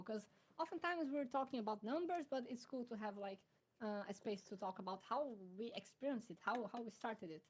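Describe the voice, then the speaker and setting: Portuguese-speaking woman, guest on a stream. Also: fairly high pitch. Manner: searching for words, relaxed. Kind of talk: casual interview.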